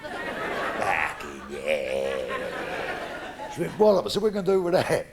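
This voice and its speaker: With a crowd audible behind him, a middle-aged stand-up from London with a Cockney accent fires off lines in a high-pitched, creaky, rapid voice, recorded noisily on a live stage. He's brash, crude, freely profane, and voices both sides of his stories.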